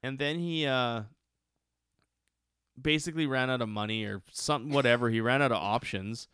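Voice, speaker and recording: A man in casual conversation, telling a rambling, profanity-laced story full of restarts. His voice is smooth and clear, and the recording is dry and close with no room sound. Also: medium pitch, normal speed, pushed and bright, no echo.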